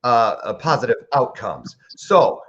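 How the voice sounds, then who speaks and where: A man's voice: mid-range voice, big pitch swings, a little slow, a bit bright, dull audio. A man hosting a casual podcast interview, playful and joking. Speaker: podcast host.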